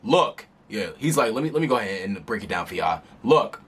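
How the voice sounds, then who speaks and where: A man casually reading and reacting to a manga, in an animated, slangy, worked-up way. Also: on the low side, fairly quick, few pauses, husky. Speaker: manga reader and commentator.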